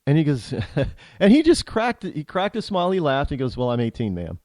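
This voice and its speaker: A man's voice: sits high, big pitch swings, moderate pace, a little mellow, no room sound. A middle-aged man hosting a talk show, telling an opinionated story bluntly, with frequent restarts. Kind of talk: storytelling monologue.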